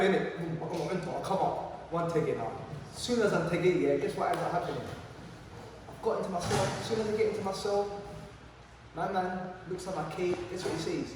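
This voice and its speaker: Brief: young London man, lively storyteller, slightly high voice, far from the mic in a noisy echoing hall. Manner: animated, repetitive, sound effects, slang. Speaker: motivational speaker at youth event. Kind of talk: storytelling talk to youth. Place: large hall at youth event. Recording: echoey hall, distant mic, background noise.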